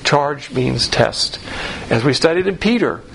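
A man's voice: medium pitch, expressive, a little slow, creaky, fairly bright tone, a little hiss or hum, low-quality recording. A man teaching the Bible verse by verse in a blunt, folksy way, full of rhetorical questions and acted-out quotes. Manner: acts out quoted voices.

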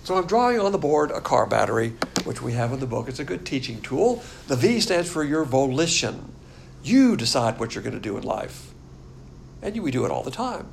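Against a faint hiss or hum, an older pastor leads a Bible class in a creaky, medium-pitched voice, talking fairly quickly. His lecturing is lively, and his tone is blunt and full of scorn.

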